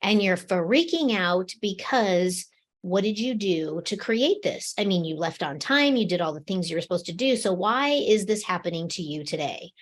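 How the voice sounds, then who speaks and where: A woman's voice: fairly low pitch, animated, normal speed. A woman co-hosting a spiritual talk show, walking through everyday examples as she talks. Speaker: podcast co-host.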